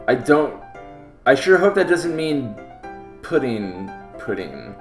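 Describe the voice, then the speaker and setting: Animated jokey male game streamer. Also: mid-range voice, a little slow. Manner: jokey, riffing on the game between lines; talks to chat. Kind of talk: live-streamed game playthrough, reading text aloud. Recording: roomy echo with faint game music. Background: game music.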